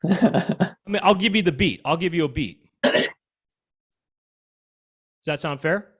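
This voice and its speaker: A man's voice: on the high side, unhurried. A man doing improvised stand-up, riffing absurdly and chatting with an online audience. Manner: goofy, deadpan absurd riffing, chats with audience. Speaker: stand-up comedian. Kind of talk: improvised stand-up with crowd work. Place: live-streamed comedy show, audience on video call. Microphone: video call mic.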